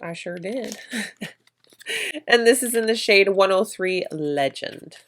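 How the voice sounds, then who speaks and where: A woman's voice: mid-range voice, lively intonation, slow. A woman vlogger narrating her makeup routine in a chatty, effusive way, gushing over products. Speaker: beauty vlogger.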